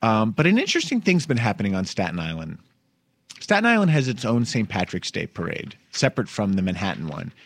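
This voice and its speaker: A man's voice: lowish voice, wildly swooping pitch, fairly quick, dry recording. A man, hosting a comedic news podcast in a chatty, wry way and laughing as he talks. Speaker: podcast host. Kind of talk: casual comedic news chat.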